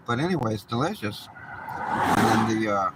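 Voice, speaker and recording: A livestream host with a lowish, animated voice talks at a normal speed, rambling, joking and swearing casually as he drives. The scene moves from his car to a park, and the distant mic picks up heavy road noise.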